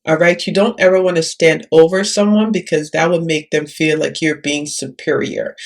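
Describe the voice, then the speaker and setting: A woman tutoring occupational therapists in a video lesson, speaking calmly and often checking in with "all right?". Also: fairly low pitch.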